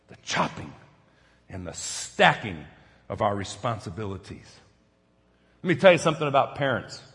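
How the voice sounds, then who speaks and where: A middle-aged man preaching a sermon, telling stories and swinging from soft, quiet passages to loud, emphatic peaks. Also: lowish voice, big-room sound. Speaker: pastor.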